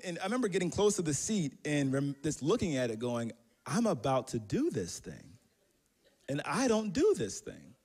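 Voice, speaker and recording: Male pastor, casual storytelling sermon, light humor, fairly high-pitched for a man. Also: darkish tone. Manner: conversational storytelling with many fillers and restarts; humorous, self-deprecating.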